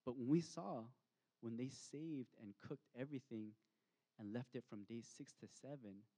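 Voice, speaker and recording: A man preaching a sermon as pastor, reflective, reading scripture aloud with slow, emphatic pauses. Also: medium pitch, mellow.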